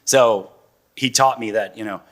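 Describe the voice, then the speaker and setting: A man's voice: on the low side, unhurried. A man, a patient's father, chatting casually on stage and saying "like" a lot. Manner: chatty, says "like" often.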